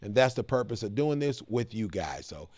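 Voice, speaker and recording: A middle-aged American man talks straight to his viewers in an easygoing, chatty way while hosting a reaction video. His voice sits a bit low, and the sound is dry and close with no room echo. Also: big pitch swings, moderate pace, a little mellow. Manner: laid-back, chatty, addresses viewers directly. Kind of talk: casual reaction commentary.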